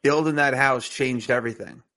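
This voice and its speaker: A man co-hosting a TV recap podcast in a relaxed, chatty way. His voice is gravelly with plenty of vocal fry, at a mid pitch. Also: moderate pace. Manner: laid-back, laughs often, fillers. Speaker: podcast co-host. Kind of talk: casual TV recap chat.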